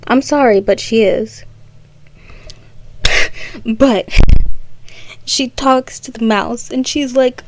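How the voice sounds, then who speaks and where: A woman's voice: a little high, very slow, long pauses, a little hiss or hum. A young woman recapping a story for comedy, with sarcastic, rambling asides. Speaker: video creator.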